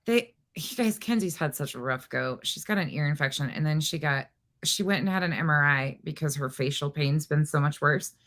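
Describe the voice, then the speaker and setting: A woman's voice: low voice, expressive, normal speed, fairly bright tone. A woman hosting a casual livestream from home, talking in an exasperated, rambling way with lots of restarts. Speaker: livestream host.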